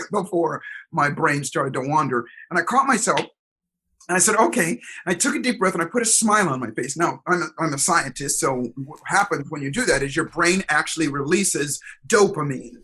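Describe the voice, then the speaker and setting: A man telling stories in an interview, energetic and expressive, acting out the voices of people he quotes. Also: fairly high pitch, slightly rough, rough recording. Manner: energetic, expressive, acts out dialogue. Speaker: guest, performance coach. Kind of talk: animated storytelling interview.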